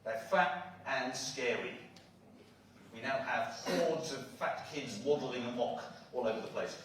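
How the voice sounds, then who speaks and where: A man's voice: medium pitch, lively intonation, a little slow, a bit bright, a little hiss or hum. A man doing stand-up comedy with songs, chatty and joking, laughing at his own jokes. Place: club stage. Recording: echoey live room from far off, music behind. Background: live music.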